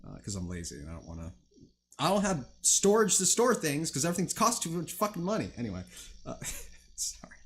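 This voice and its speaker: A man's voice: a little high, wildly swooping pitch, fairly quick, a bit bright, a little hiss or hum. A young man hosting a livestream, chatting casually with viewers in a rambling, profane way full of fillers. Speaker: livestream host. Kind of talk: casual chat with stream viewers.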